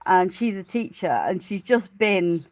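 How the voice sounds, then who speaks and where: Her voice is mid-range and animated yet a little slow as this woman live-streams from beside her car on a smallholding. She rambles casually, laughs often and says hello to viewers by name. The audio is muffled, with no room sound.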